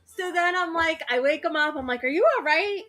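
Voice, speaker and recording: A woman co-hosting a casual chat, telling an animated story and laughing often. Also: very high voice, a little fast, faint music behind. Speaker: co-host.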